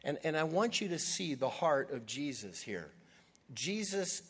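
A man's voice: a little high, very animated, unhurried, a bit bright, slightly rough. A man preaching a sermon, earnest and conversational, acting out scenes as he retells them. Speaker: pastor.

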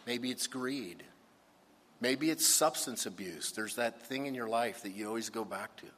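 Husky male pastor in a reverberant hall. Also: medium pitch, normal speed, fairly bright tone. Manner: emphatic, with rhetorical questions. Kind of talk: sermon.

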